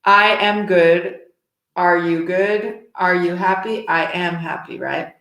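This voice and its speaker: Slow-talking teacher woman, echoey room. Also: on the low side, a bit bright. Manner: explains slowly and clearly, playful with students. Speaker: English teacher. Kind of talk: online class teaching.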